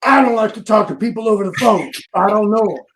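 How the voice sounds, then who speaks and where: A man putting on a booming gruff drill sergeant. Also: fast talker, natural voice. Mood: commanding. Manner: curt, commanding, blunt.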